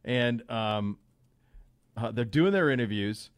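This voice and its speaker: A man's voice: medium pitch, slow, smooth, no room sound. Male podcast host, rambling casual sports chat, dry mic. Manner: chatty, rambling with restarts.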